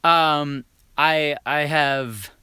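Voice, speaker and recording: A man's voice: on the high side, fairly even intonation, drawn-out words, sharp tone, smooth, no room sound. A young male voiceover actor chatting casually on a livestream, laughing often and restarting his sentences.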